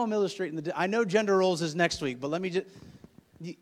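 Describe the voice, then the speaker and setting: With humor, a high-pitched pastor preaches quickly, shifting from loud, emphatic passages to quiet asides. He acts out quarrels between couples, and a long hall reverb fills the recording.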